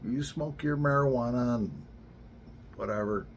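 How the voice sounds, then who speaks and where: Slow gravelly-voiced man savoring his pipe. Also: fairly low pitch, expressive, slight background noise. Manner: slow, savoring, murmured asides. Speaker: pipe smoking channel host. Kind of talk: slow relaxed vlog chat.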